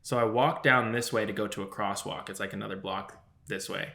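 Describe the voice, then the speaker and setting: Young male podcast co-host, bright forceful tone, animated storyteller who acts out quotes. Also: lowish voice, fairly quick, creaky. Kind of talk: casual chat, storytelling.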